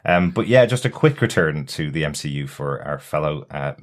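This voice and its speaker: A man's voice: extremely low pitch, expressive, moderate pace. A man hosting a TV podcast, chatty and laughing often, with frequent uh fillers. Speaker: podcast host. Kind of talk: casual chat.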